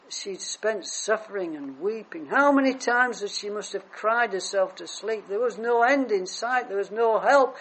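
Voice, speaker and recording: A preacher with a husky, breathy edge to the voice, pitched in the middle. The sermon is delivered as dramatic storytelling, swinging between loud emphasis and quiet, hushed asides. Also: rough recording.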